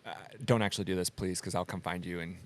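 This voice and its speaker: A man co-hosting a podcast in a relaxed, joking manner, reading out listener comments and talking about shop plans. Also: low voice, fast talker, a little hiss or hum. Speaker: podcast co-host. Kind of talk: casual podcast chat. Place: small machine shop studio.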